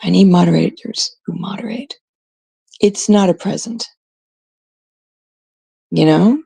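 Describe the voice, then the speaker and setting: Woman from Canada, gravelly husky voice, blunt exasperated live-stream rant, curses freely. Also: fairly low pitch, slow, dark tone, dry recording. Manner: blunt, exasperated, swears freely, quotes others mockingly. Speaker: livestream host.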